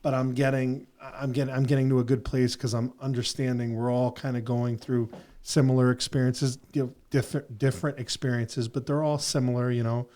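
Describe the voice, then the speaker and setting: A man's voice: mid-range voice, level tone, brisk, warm tone. A man hosting a podcast, talking in an earnest, rambling way with many fillers. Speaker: podcast host. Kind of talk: reflective casual conversation.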